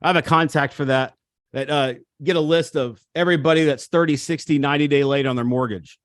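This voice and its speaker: A man giving an energetic, repetitive pep-talk style coaching seminar on real estate over a video call. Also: on the high side, fairly quick, no room sound.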